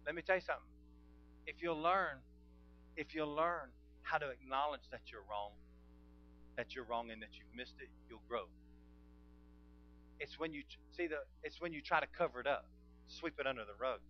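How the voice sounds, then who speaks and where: A man preaching a sermon, swinging from soft to loud and calling out to the congregation for responses. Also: medium pitch, moderate pace, long pauses, soft background music. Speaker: pastor. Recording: dull lo-fi sound.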